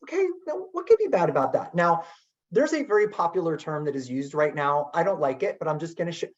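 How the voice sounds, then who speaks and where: A middle-aged man telling a story in a webinar talk as keynote speaker, chatty and animated with many filler words. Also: fairly high pitch, fairly quick. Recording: dull lo-fi webinar audio.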